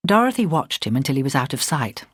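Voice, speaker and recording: A woman narrating a story in a measured storytelling voice, close to a studio mic. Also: rumbling low, sing-song, breathy edge, dry recording. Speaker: audiobook narrator. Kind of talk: scripted narration.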